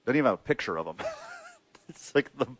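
A man's voice: on the high side, wildly swooping pitch, moderate pace, a little hiss or hum. A man co-hosting a casual sports chat, tossing off wry, playful one-liners. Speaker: podcast co-host.

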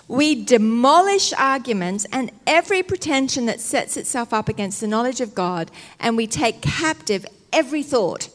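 A woman preacher giving a sermon in an emotional, fervent but conversational way. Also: fairly high pitch. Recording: long hall reverb.

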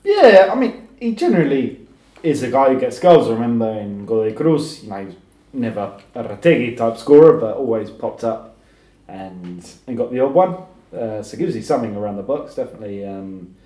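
A man's voice: medium pitch, big pitch swings, a little fast, warm tone, echoey room. A man on a football podcast, thoughtful and often saying "you know". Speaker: podcast panelist. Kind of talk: casual football chat.

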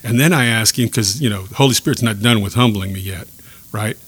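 A man sharing a personal faith story in a podcast chat, earnest and reflective, pausing and restarting as he speaks. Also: lowish voice, a bit bright, husky. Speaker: guest telling a faith story.

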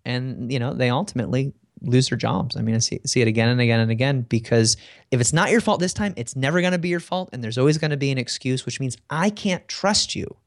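A man's voice: medium pitch, fast, vocal fry, dry recording. Dry-sounding man telling stories casually. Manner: conversational storytelling with frequent fillers. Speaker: guest. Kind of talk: casual interview talk.

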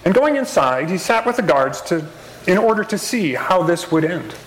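A man reading scripture aloud in a measured, steady way as a lay reader in church. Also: high-pitched, echoey room, rough recording. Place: church sanctuary.

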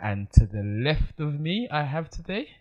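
A man's voice: fairly high pitch, very animated, a little slow, dull audio. A man hosting a casual podcast, playful and upbeat. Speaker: podcast host.

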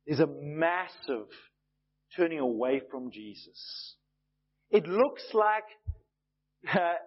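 A man preaching a sermon in a conversational, storytelling way, acting out the voices he quotes. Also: a little high. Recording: dull lo-fi recording.

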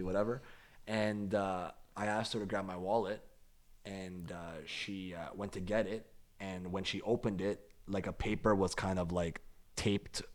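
A young man casually telling a rambling story among friends, full of "like" and restarts. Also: deep voice.

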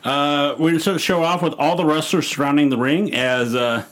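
Joking male podcast host, higher voice. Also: fairly even intonation, moderate pace. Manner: jokey, rambling, many fillers. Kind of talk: casual chat recapping wrestling.

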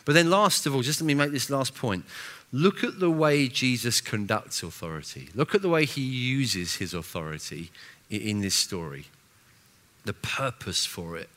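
A senior pastor preaching a sermon in an animated, self-mocking way, with frequent restarts and big swings between loud and soft. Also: male voice, mid-range voice, normal speed.

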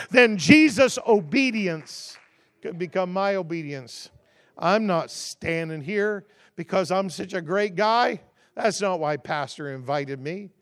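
A guest preacher delivers a sermon built on rhythmic call-and-response contrasts that swell to loud emphasis, then drops low into a relaxed, conversational, humorous storytelling tone.

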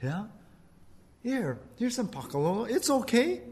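Satan as a smooth male tempter, put on by a preacher, pitched well up from his normal voice and sometimes pulling back from the mic. He wheedles and coaxes, dressing up every lie to sound holy. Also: big pitch swings, a little slow, darkish tone, exaggerated voice. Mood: coaxing. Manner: coaxing, wheedling, leaning on scripture. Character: sly tempting male devil, smooth persuader.

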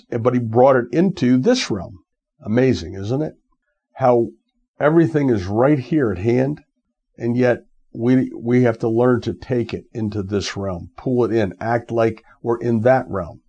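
A man's voice: medium pitch, darkish tone, breathy edge. A man preaching a fervent radio sermon, with repeated, emphatic phrases.

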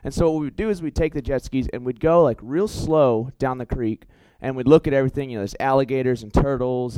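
A young man giving a storytelling sermon in an animated, chatty way, full of fillers and self-corrections. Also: mid-range voice, smooth, dry recording, rough recording. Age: young adult. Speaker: youth preacher.

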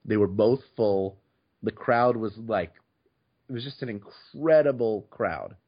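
A man's voice: fairly low pitch, a little slow, husky. A man, a podcast host, telling stories in casual chat, with frequent restarts and repeated words. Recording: slightly muffled audio.

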